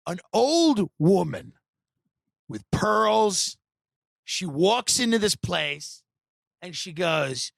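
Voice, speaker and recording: A comedian from the United States on a podcast, telling a long story in a sardonic, animated and provocative way. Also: male voice, high voice, creaky, no room sound.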